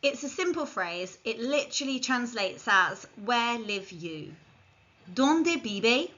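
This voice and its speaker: A woman's voice: on the high side, animated, unhurried, bright, forceful tone. A woman giving a scripted language lesson, carefully modelling phrases for learners to repeat. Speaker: language teacher. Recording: dull lo-fi recording.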